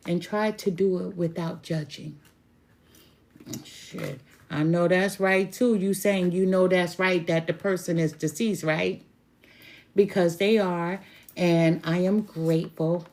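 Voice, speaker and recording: Slow, gravelly-voiced woman tarot reader. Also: on the low side, darkish tone. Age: middle-aged. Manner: blunt, candid, laughing asides. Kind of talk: casual spiritual chat to viewers.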